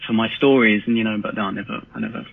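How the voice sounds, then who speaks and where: Guest man from Britain, husky voice over a tinny remote call line, rambling and hesitant. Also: lowish voice, fairly even intonation, rapid-fire. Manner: rambling, hesitant, many fillers and restarts. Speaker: manga artist guest. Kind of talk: casual podcast interview.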